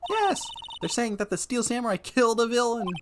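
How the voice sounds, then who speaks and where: A man voicing an excitable teenage girl assistant, reading a video game aloud over game music. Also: very high-pitched, brisk, background noise, pitched above the performer's own voice. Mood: frantic. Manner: squealing, breathless enthusiasm. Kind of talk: fan voice-acting of a game.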